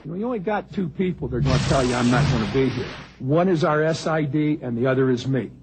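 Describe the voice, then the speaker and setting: A man's voice: mid-range voice, animated, fast talker. An older man, a coach, angrily confronting a reporter at a press conference. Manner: angry, confrontational. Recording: very noisy archival clip with clicks.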